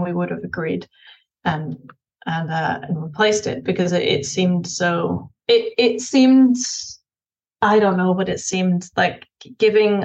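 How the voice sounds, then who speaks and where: Scottish woman director musing out loud, lowish voice, kinda dull lo-fi sound. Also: creaky. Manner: thoughtful, many restarts and fillers. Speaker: film director, interview guest. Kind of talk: reflective interview answers.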